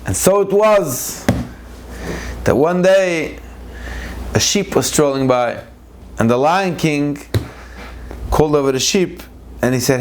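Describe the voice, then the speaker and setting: Brief: male Torah teacher, mid-pitched voice, chatty lesson, dramatic rises and slowdowns as he tells a fable. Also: slight background noise. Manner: animated, conversational, many asides. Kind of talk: storytelling weekly Torah class.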